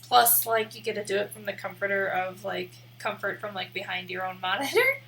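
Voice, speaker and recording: A woman's voice: medium pitch, expressive, a little fast, creaky, a bit bright, slight background noise, low-quality recording. A woman with a Midwestern accent, chatting casually on a livestream as she works on her screen, rambling and self-deprecating. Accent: American Midwest. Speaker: live streamer. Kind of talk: casual livestream chat while working on screen.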